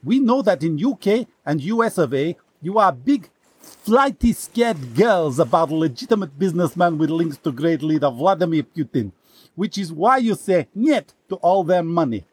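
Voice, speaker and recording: A sinister Russian state journalist. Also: male voice, on the high side, normal speed, husky, no echo. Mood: deadpan. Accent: fake Russian. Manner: broken English, mock-earnest, deadpan menace. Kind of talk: satirical comedy sketch.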